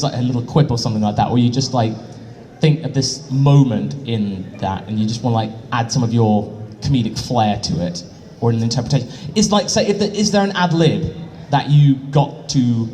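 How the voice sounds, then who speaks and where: A man's voice: medium pitch, warm tone. A man hosting a convention panel, asking long, rambling questions full of filler words. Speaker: panel host.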